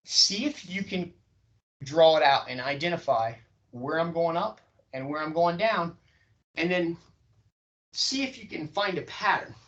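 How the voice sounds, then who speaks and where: A man teaching a sales class, stretching his pitch high and low to show how inflection works. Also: measured pace, pauses often, distant mic, dull audio. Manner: animated, swings pitch up and down for demonstration. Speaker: sales trainer. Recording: voice from across a room.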